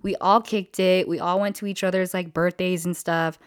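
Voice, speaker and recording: A woman with a slightly low-set voice tells a story in a loose, casual way. Her talk is slangy and full of profanity. She slips into little impressions of the people she quotes. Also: level tone, moderate pace, no echo, clean studio sound.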